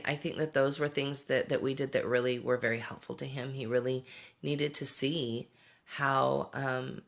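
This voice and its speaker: Speaking in a creaky bass voice with a slightly bright edge, a middle-aged woman runs a casual livestream. She's a homeschooling parent and show host who reflects thoughtfully while replying to viewer comments.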